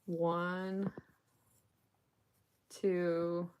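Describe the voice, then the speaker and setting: A woman's voice: fairly low pitch, flat delivery, extremely slow, a little mellow, clean tone. A woman on a casual crochet live stream, counting stitches aloud and laughing between lines as she chats to viewers.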